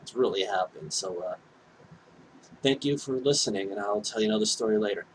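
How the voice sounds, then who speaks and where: A man's voice: lowish voice, a little fast, a little hiss or hum, poor audio. A man telling a personal story on his video channel in a rambling, candid way, full of asides and apologies. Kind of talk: casual storytelling monologue.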